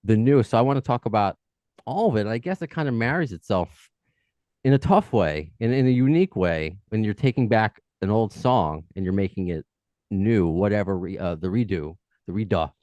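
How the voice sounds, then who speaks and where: A man's voice: on the low side, lively intonation, brisk, a little mellow, no echo. A man with a New York accent hosting a podcast, chatty and rambling in a casual interview. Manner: chatty, rambling, self-deprecating. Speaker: podcast host.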